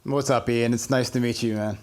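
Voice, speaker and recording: A man co-hosting a podcast, telling stories about playing music in an earnest, halting way. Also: mid-range voice, steady tone. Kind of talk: casual chat.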